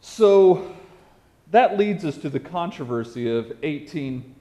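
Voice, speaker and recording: A man preaching in a storytelling style, animated and self-mocking, often repeating words for effect. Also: fairly high pitch, takes it slowly. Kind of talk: storytelling sermon.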